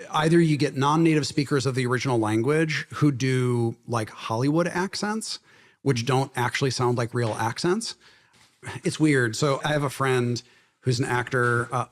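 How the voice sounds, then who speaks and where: A man in a conversational interview at a library event, explaining his creative choices in a relaxed way. He laughs easily as he talks. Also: medium pitch. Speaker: game director, interview guest.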